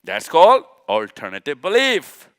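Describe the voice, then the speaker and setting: A man's voice: on the high side, wildly swooping pitch, normal speed. Emphatic man. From Pakistan. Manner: emphatic, rhetorical questions, repeats points. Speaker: speaker at a live session. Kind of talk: impassioned religious lecture.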